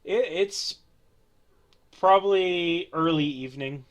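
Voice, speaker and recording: A man's voice: on the high side, takes it slowly. A man narrating a tabletop role-play as game master, easygoing and hesitant.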